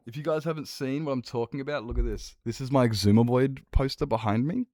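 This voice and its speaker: A man's voice: medium pitch, fast talker, hardly any pauses, mellow, no echo, clean studio sound. A young Australian man chatting casually on a livestream, swearing freely and laughing often. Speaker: streamer.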